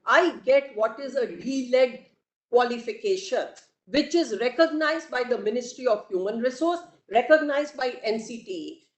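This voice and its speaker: A woman advocate with an Indian accent, making a formal, deliberate courtroom argument and addressing the bench again and again. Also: high-pitched. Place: courtroom hearing. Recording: echoey courtroom audio.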